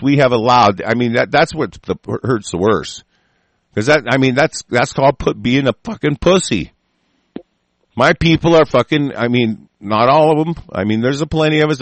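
A man's voice: fairly high pitch, dry recording. A male host ranting angrily and profanely, often repeating and restarting his phrases. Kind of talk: angry profane rant.

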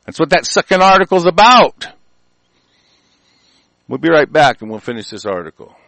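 A radio host rants with raw anger, swearing constantly and raising his voice into heated outbursts. His voice sits a bit high for a man. The sound is dry and close, with no room around it. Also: sing-song, normal speed, gravelly, no echo. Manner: angry, cursing, loud and heated. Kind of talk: profane talk-radio rant.

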